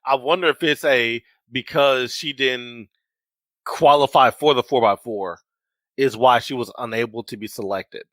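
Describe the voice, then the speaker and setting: A man's voice: medium pitch, a little slow, pushed and bright, dry recording. A man co-hosting a podcast in casual chat, working through his points with everyday examples and frequent "you know what I'm saying.". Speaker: podcast co-host.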